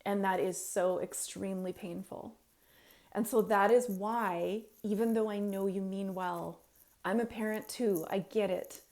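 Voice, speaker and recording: A woman coaching parents in an earnest, pleading monologue, with emphatic pauses. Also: medium pitch, fairly even intonation, darkish tone. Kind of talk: heartfelt advice monologue to parents.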